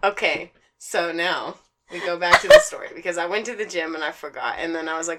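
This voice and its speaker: This young woman has a fairly low voice. She co-hosts a casual podcast and tells stories in a loose, profane way, laughing often as she goes. Faint background hiss sits under her voice. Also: a little fast. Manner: profane, animated storyteller who laughs often. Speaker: podcast co-host.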